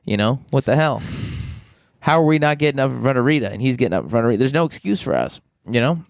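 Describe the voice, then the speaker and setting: A man's voice: mid-range voice, big pitch swings, quick pace, creaky, dry recording, clean studio sound. A man co-hosting a podcast, telling a rambling story in casual chat with lots of restarts and fillers. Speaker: podcast co-host.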